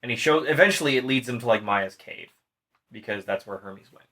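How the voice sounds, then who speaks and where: A man with a mid-range voice tells a myth on a podcast at a fairly quick clip, sounding tipsy and casual. He swears constantly and acts out the characters' lines in an animated way.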